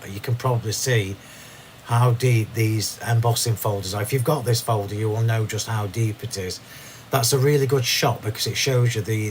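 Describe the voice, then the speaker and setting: A man hosting a live crafting demonstration from his craft room, chatty and quick to laugh at himself as he explains. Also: mid-range voice, slight background noise. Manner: chatty, self-laughing, restarts sentences. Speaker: craft demo host.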